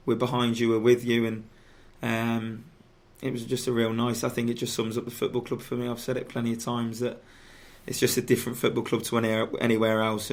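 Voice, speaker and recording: A man, a footballer guest in a radio studio, chatting casually and haltingly with many restarts and fillers. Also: mid-range voice. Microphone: studio microphone.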